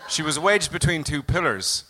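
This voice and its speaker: A man's voice: fairly high pitch, animated, moderate pace, sharp tone, a faint crowd, a little hiss or hum. A man hosting a casual comedy chat, wry and teasing.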